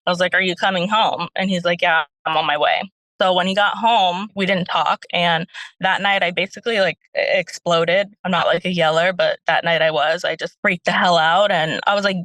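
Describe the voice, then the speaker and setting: A woman's voice: fairly low pitch, normal speed, pushed and bright, no echo, low-quality recording. A young woman calling in as a stay-at-home mom, telling her story in a rambling way with many fillers. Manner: rambling, lots of fillers, retells quotes.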